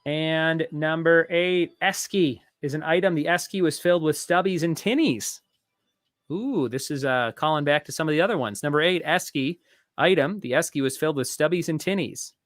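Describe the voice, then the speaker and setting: A man hosting a live trivia show, reading each question slowly and repeating it, with joking asides between. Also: fairly high pitch, no echo, clean studio sound. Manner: reads each question slowly twice, jokes and rambles between. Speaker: trivia host.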